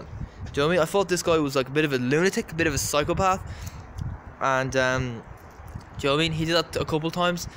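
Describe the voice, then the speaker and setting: An Irish man spins a casual, rambling story, circling back on himself and leaning on fillers. His voice sits a bit high for a man, with faint background noise behind him. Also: fairly bright tone. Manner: rambling, repetitive, many fillers. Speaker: vlogger.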